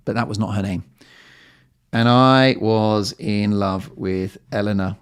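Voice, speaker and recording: Gravelly self-mocking male podcaster. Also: fairly low pitch. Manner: self-mocking, chatty storytelling with asides. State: slightly lightheaded. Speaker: podcast host. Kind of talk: casual solo podcast monologue.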